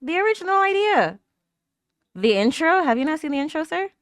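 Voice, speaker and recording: A woman's voice: sits high, sing-song, fairly quick, dry recording, clean studio sound. A woman hosting an anime reaction video, chatting casually and talking back at the screen, with frequent laughs and fillers. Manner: laughs often and coos at cute moments.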